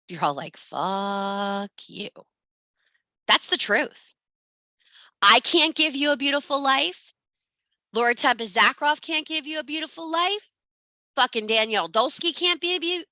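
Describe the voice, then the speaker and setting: Blunt, profane, bright-voiced woman. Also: medium pitch, dry recording. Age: adult parent. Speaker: pagan spiritual speaker. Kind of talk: informal spiritual talk.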